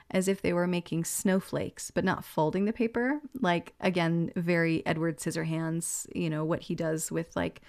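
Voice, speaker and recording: Woman channeler, gentle and musing, light vocal fry, relays spirit messages with frequent laughs. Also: fairly low pitch. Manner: relays what she hears and sees, gentle and musing, laughs often.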